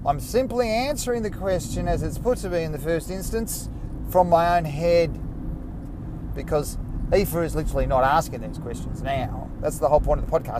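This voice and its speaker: A man's voice: fairly high pitch, background noise. A man hosting his own podcast, chatting casually in a rambling, self-mocking way. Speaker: podcast host. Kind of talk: casual solo podcast monologue.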